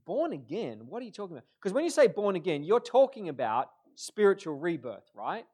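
A man preaching a sermon, animated, moving between loud emphatic bursts and quiet, drawn-out phrases. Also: high voice, husky.

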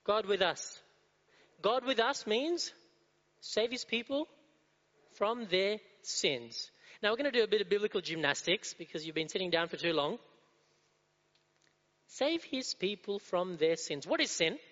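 A man's voice: sits high, expressive, moderate pace, long pauses, a bit bright. A male preacher giving a sermon, asking the congregation rhetorical questions and repeating key phrases. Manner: rhetorical questions, repetition, asks the audience. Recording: dull, muffled sound in a reverberant hall.

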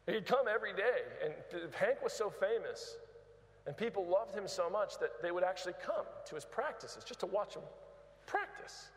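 Preacher guy, highish voice, emphatic, stumbles and repeats, echoey big church. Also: expressive, normal speed. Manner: emphatic, repeats words, prods the crowd. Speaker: guest preacher. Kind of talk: sermon. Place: large open church. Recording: reverberant big church hall.

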